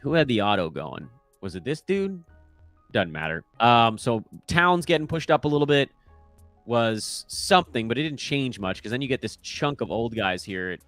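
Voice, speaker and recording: A man's voice: mid-range voice, expressive, normal speed, fairly bright tone, no room sound, soft background music. A man in his thirties hosting casual commentary into a microphone, offhand and self-deprecating. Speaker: host.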